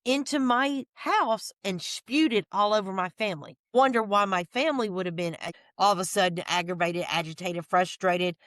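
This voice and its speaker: A woman guest in an interview, telling a story in a lively, folksy way, talking in bursts and restarting her sentences. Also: medium pitch, moderate pace, few pauses, dry recording, clean studio sound. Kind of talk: animated storytelling chat.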